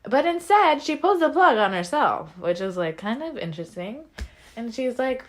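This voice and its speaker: A woman's voice: sits high, big pitch swings, normal speed. A young woman co-hosting a podcast, casually recapping an episode and quoting characters in slangy voices. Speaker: podcast co-host.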